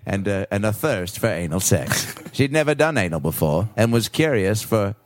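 A man's voice: fairly low pitch, very animated, normal speed. A man imitating a grave documentary narrator. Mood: solemn.

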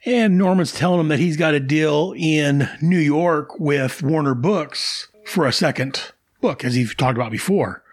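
An enthusiastic man walking through a comic book page by page in relaxed commentary. His voice sits slightly high for a man. He stumbles, restarts, and laughs often as he goes. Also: measured pace. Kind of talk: casual commentary.

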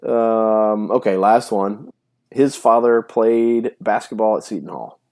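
Low, mellow-voiced man in loose sports chat. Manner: rambling, filler-heavy, quick to laugh. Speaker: podcast co-host.

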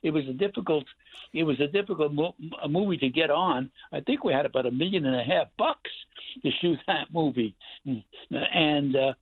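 An older man telling rambling, animated stories as a guest actor, with many restarts. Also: on the high side, normal speed, slightly rough. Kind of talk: casual storytelling interview. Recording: tinny phone line, dry.

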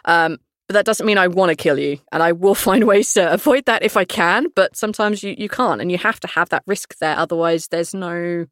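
A woman's voice: lowish voice, brisk, hardly any pauses, fairly bright tone, no echo, studio quality. A young woman, a game master talking candidly in a casual podcast chat, laughing often and swearing freely.

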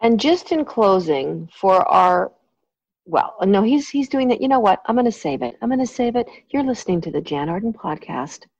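A Canadian woman with a Western Canadian accent, hosting a podcast in casual, animated chat. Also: mid-range voice, normal speed, no echo, lo-fi sound. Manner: animated, laughing, chatty. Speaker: podcast host.

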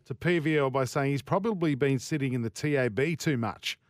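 A man's voice: medium pitch, fairly quick, no room sound. An Australian man co-hosting a sports radio show, trading blunt, joking one-liners in casual banter, recorded in a studio. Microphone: studio microphone.

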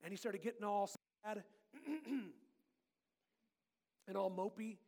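A man giving a lively children's sermon with volunteers, playful and animated, swinging between loud bursts and hushed tones. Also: high voice, takes it slowly. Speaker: children's pastor.

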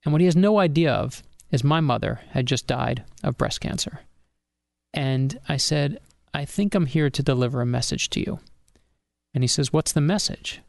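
A man's voice: mid-range voice, creaky, no room sound, studio quality. A middle-aged man, an author and guest, telling a personal story in an interview and acting out the dialogue. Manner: animated storyteller, acts out dialogue. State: getting emotional.

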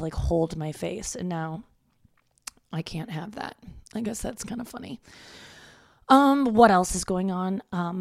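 Gravelly chatty woman comic. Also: fairly low pitch, darkish tone, dry recording, studio quality. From St. Louis, United States. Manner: chatty, rambling, self-deprecating, swears freely. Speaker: stand-up comic and podcast host. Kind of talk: casual solo podcast monologue. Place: her parents' home.

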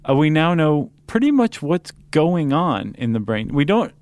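A man's voice: fairly high pitch, big pitch swings, normal speed, darkish tone, no echo. A man co-hosting a podcast in casual chat, joking and rambling with lots of fillers and restarts. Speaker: podcast co-host.

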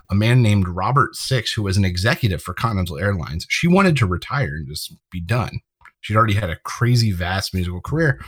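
A man's voice: mid-range voice, slightly rough, dry recording. A man co-hosting a casual chat, recapping an episode and sharing trivia, often laughing as he talks. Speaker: podcast co-host.

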